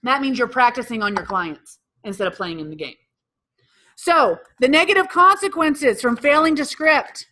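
A woman's voice: high voice, expressive, normal speed, sharp tone. A woman sales trainer leading a live workshop, quizzing the room and repeating the audience's answers back to them. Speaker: real estate sales trainer.

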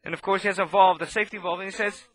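A man preaching a sermon, impassioned and swinging between loud outbursts and hushed asides. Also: high voice, fairly even intonation, racing, dry recording.

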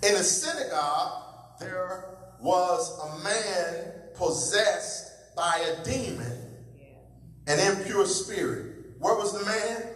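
High-pitched preacher man in a hall. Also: slow. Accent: American. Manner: call-and-response preaching, swinging between shouts and low asides. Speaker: pastor. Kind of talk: sermon. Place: large church sanctuary. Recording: echoey hall from far off.

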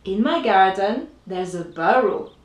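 A woman reading her own picture book aloud to children, slow and expressive, voicing the sound effects. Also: mid-range voice. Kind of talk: children's storybook read-aloud. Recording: roomy echo, distant mic.

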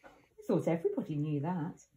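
A nervous but crafty young boy, as a woman reading a storybook voices him. The voice sits a little above her own and moves lively. The tone is mellow. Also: low-pitched, normal speed.

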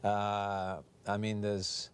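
A middle-aged English man being interviewed, hesitant and soft-spoken with a dry wit. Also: fairly low pitch, monotone, drawn-out words, slight background noise. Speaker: actor, interview guest. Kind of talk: casual TV interview.

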